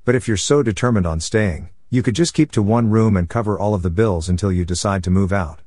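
A man's voice: fairly low pitch, fast, darkish tone, no room sound, close to an everyday voice. Man reading as bossy entitled mother. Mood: demanding. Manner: bossy, commanding, scheming. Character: domineering entitled middle-aged mother.

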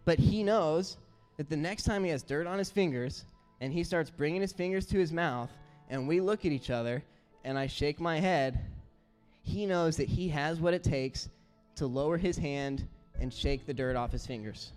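Man, pastor, sermon, storytelling, fairly high voice, faint music behind. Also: moderate pace, clean tone. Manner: storytelling, earnest and animated. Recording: roomy hall with faint music.

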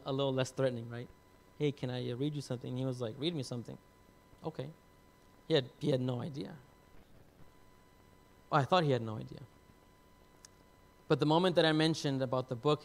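A man in his thirties, a pastor, telling a personal story in a sermon, emotional and confessional, dropping to hushed tones and rising loud at times. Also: fairly high pitch.

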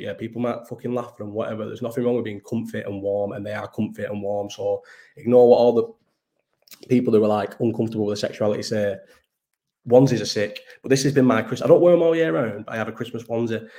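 A man's voice: lowish voice, mellow. A young man, hosting a casual live-stream chat, who swears often and loses his thread as he rambles. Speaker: host of a live-chat show.

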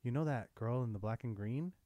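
A young man hosting a casual podcast chat, excitable and jokey, with loud swings in his voice. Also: medium pitch, a little fast, no room sound, highs cut off. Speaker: podcast host.

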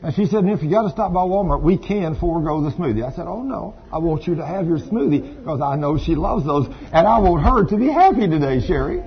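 A man's voice: a little high, lively intonation, brisk, hardly any pauses. A man preaching a sermon, folksy and storytelling, with asides to the congregation. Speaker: pastor. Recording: dull lo-fi sound with faint ambience.

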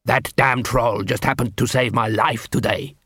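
A man reading an audiobook, voicing a quick-tempered dwarf watchman who shouts indignantly. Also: medium pitch, steady tone, slightly rough, no echo, studio quality. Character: fiery short dwarf watchman.

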